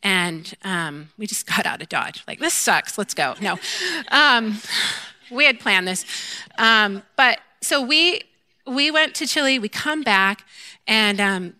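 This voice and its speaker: Bright-voiced woman telling an animated testimony. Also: medium pitch, takes it slowly, clear, resonant tone, no echo. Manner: animated storytelling that acts out her own quoted lines; candid and self-deprecating. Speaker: mother sharing a faith testimony. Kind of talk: personal testimony talk.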